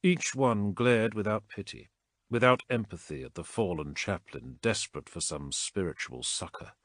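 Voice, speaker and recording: A man reading a war story aloud as narrator, in measured, dramatic storytelling. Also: fairly low pitch, fairly bright tone, no room sound, studio quality. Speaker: audiobook narrator. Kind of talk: scripted narration.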